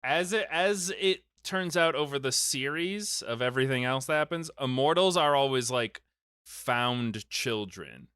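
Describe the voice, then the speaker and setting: A man hosting a podcast, recapping a film in casual, animated chat and getting worked up in a joking way. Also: medium pitch, measured pace, clean tone, dry recording, clean studio sound. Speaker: podcast host.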